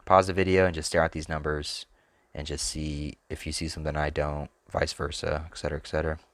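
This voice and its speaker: Man, extremely low voice, dry close sound, casual solo talk, hesitant musing. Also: flat delivery, a little fast, no room sound. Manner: thinks aloud, hesitant, trails off often. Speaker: sports picks channel host.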